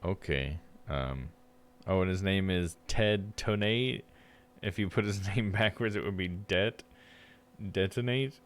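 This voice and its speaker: A man's voice: low voice, measured pace. A man streaming a game, chatting in casual, laid-back asides with chuckles. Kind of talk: casual gameplay commentary. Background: game music.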